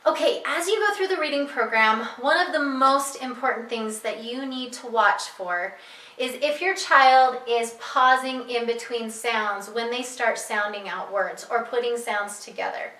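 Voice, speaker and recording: Bright-voiced woman teaching parents, echoey room. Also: fairly high pitch, unhurried, far from the mic. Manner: patient, repeats key points, stretches out sounds to demonstrate. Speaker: reading teacher. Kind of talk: instructional talk to parents.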